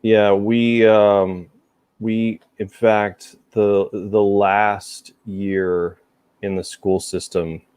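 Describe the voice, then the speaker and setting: A man's voice: on the low side, level tone, very slow, darkish tone, clean tone, dry recording. A man hosting a casual chat show, rambling and self-deprecating, with a faint Southern American accent. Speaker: podcast host.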